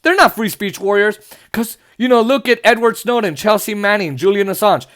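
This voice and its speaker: This podcast host is a young man whose voice sits high, with a brisk delivery and a fairly bright tone. His political commentary comes out as an exasperated, sarcastic rant full of swearing.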